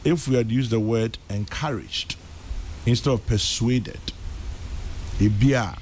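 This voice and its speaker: Ghanaian man hosting a panel, mid pitch, measured, dry asides. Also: a little mellow, slight background noise. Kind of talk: studio panel discussion.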